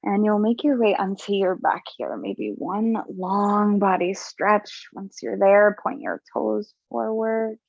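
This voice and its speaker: A woman leading a gentle yoga class, giving calm, soothing cues about breath and posture. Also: mid-range voice, slow, creaky, hardly any pauses, no echo, dull audio. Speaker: yoga instructor. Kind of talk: guided yoga class instruction.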